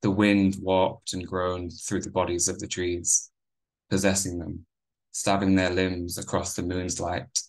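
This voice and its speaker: A man reading his own novel aloud in a measured first-person narration. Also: sits low, monotone.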